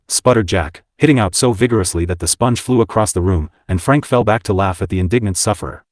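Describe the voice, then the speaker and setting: A man narrating a classic novel as an audiobook, in even, unhurried storytelling. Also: lowish voice, dry recording, clean studio sound.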